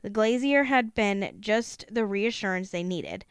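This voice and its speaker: Smooth-voiced woman reading a book aloud. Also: medium pitch, measured pace, no echo, clean studio sound. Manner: steady reading with laughing asides. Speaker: podcast host.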